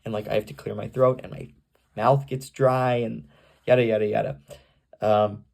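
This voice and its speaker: A young man with vocal fry, rambling self-consciously with lots of fillers as he records a casual home video, reading aloud for his family on the camera's built-in mic. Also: on the low side, fairly even intonation, normal speed, darkish tone. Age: young adult. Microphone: camera's built-in mic, no external microphone.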